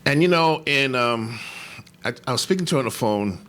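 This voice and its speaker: A man on a conference panel telling a personal story, halting and emotional, with many restarts and fillers. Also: medium pitch, animated, a bit bright. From New York. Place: conference hall.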